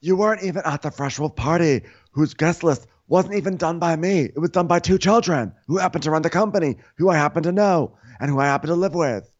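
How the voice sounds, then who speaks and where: A man's voice: fairly high pitch, brisk, hardly any pauses, muffled recording. A man co-hosting a comedy podcast, recapping a reality show with sarcastic asides. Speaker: podcast co-host. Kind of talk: comedic recap with voiced impressions.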